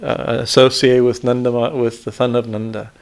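Gravelly man giving a halting scripture talk. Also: mid-range voice, little pitch movement. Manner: halting, many restarts, checks in with "right?"; recites Sanskrit verse lines slowly. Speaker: swami teaching scripture. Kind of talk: spiritual discourse on a hymn.

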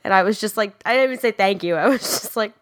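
A woman's voice: mid-range voice, quick pace. A young woman hosting a casual comedic chat, telling stories animatedly and acting out what people said. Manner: animated storytelling, acts out quotes. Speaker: podcast host.

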